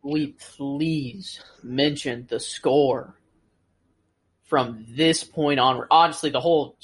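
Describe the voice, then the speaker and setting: A man's voice: mid-range voice, slow, slightly rough. A man in casual chat, musing about a show and saying "like" and "bro" often. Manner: musing, says "like" and "bro" a lot.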